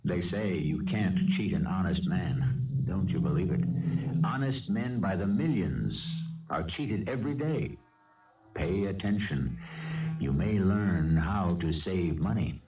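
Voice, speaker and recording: Deep, grave radio drama host. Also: male voice, animated. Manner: measured, grave storyteller delivery. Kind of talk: scripted radio narration. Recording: roomy, dull old radio recording with music.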